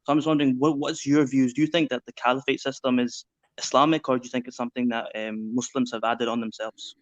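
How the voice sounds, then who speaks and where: A man from Scotland on a video call, asking a question quickly and earnestly, with fillers. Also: mid-range voice, little pitch movement, no room sound. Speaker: caller. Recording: dull lo-fi call audio.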